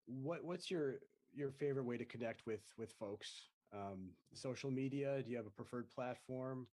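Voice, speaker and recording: A man hosting a podcast, asking questions in a hesitant way with many pauses and fillers. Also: mid-range voice, darkish tone. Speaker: podcast host. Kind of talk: conversational interview questions.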